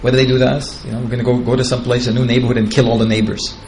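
A man's voice: medium pitch, little pitch movement, rapid-fire, darkish tone, roomy sound, a little hiss or hum, natural voice, poor audio. A man voicing a nagging, impatient wife who fires off scolding questions in a raised voice. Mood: pleading.

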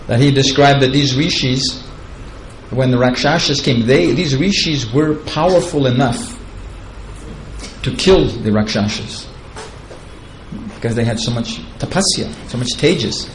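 A man's voice: mid-range voice, unhurried, slight background noise, low-quality recording. A man giving a devotional lecture, retelling scripture in a chatty, digressive way and chuckling at his own asides. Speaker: spiritual teacher.

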